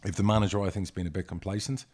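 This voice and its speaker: A man's voice: lowish voice, racing. A man, a football club chairman, co-hosting a casual podcast and telling stories in a blunt, profane way. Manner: blunt, profane, lively storytelling.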